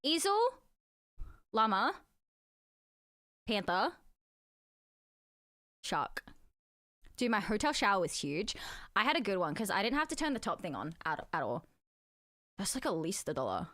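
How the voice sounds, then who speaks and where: Young woman streamer, giggly and foul-mouthed, with a bright, sharp tone and a close, dry sound. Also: mid-range voice, sing-song, a little slow, long pauses, dry recording. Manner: giggly, chatty, swears freely. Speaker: live streamer. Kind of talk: casual live-stream chat while playing a word game.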